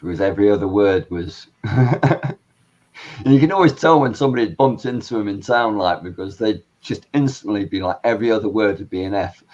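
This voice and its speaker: A man on a video call, calmly explaining practical technical tips. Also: fairly low pitch, a little fast. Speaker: guest. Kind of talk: casual video call chat.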